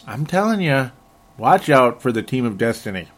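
A man's voice: medium pitch, very animated, normal speed. Rambling, sarcastic man ranting about football. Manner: rambling, sarcastic, self-correcting, with frequent fillers and laughs. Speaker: sports podcaster. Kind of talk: casual football rant.

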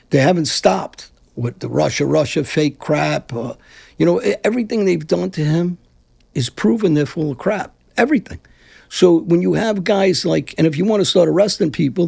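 This interview guest, a middle-aged Brooklyn man, turns the heated conversation combative, speaking bluntly and rambling with restarts. His voice runs a little high, gravelly, mellow and husky.

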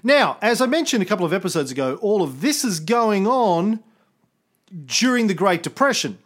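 A man's voice: very animated, moderate pace. A man hosting a casual history chat, explaining events with irreverent, jokey asides. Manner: quotes a historical statement in a lower, graver voice. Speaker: podcast host.

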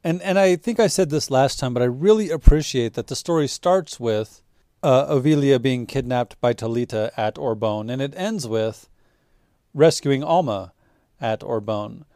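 A man's voice: medium pitch, expressive, normal speed, mellow, dry recording, studio quality. A man co-hosting a podcast, chatting casually and opinionatedly about a video game story with exasperated asides. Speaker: podcast co-host.

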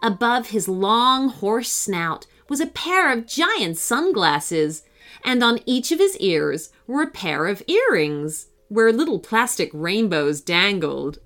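A woman narrating a children's story in scripted storybook style, lifting her voice for the excited girls. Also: takes it slowly. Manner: expressive, voices the girls with higher excited pitch.

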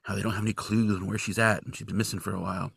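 A man co-hosting a podcast, recapping a TV episode in casual chat, animated and jokey, jumping into high exaggerated quotes. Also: rapid-fire, vocal fry, husky, no echo, clean studio sound. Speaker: podcast co-host.

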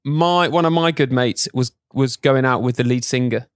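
A man's voice: medium pitch, moderate pace, clean tone, no echo, clean studio sound. British man telling a chatty story. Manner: chatty storyteller, calls people darling, laughs often. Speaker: podcast guest, fashion designer. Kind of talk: casual chat.

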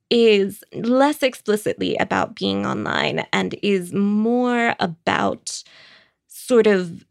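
A woman recommending books in a casual, wry, conversational way, with quick asides. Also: mid-range voice, vocal fry, dry recording, studio quality. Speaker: book critic.

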